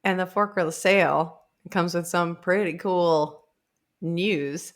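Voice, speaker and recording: A woman co-hosting a casual book-club podcast, retelling scenes in a playful, animated way. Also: on the low side, slow. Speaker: podcast co-host.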